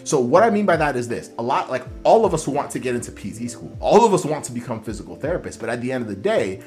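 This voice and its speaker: A man's voice: medium pitch, very animated, quick pace, a little mellow, soft background music. A man coaching students applying to physical therapy school, talking earnestly with many fillers and restarts. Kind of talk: motivational coaching talk.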